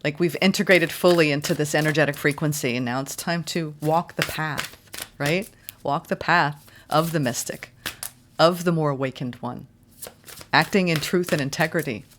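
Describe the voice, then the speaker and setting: A woman giving a spiritual tarot reading in a soft, gentle, affirming way. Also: deep voice, fairly even intonation, moderate pace, slight background noise. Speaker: tarot reader.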